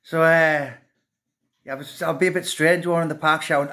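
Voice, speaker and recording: A man's voice: on the high side, fairly quick, a bit bright. A middle-aged man rambling emotionally to his phone camera in a casual monologue, mocking himself as he goes.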